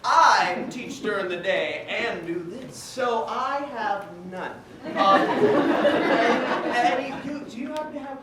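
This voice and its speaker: A performer on a small theatre stage, rambling through instructions to volunteers with self-mocking jokes. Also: medium pitch. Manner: self-deprecating, rambling, joking asides. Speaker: stage performer leading audience participation. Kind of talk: live improv comedy. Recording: echoey hall from far off, audience noise.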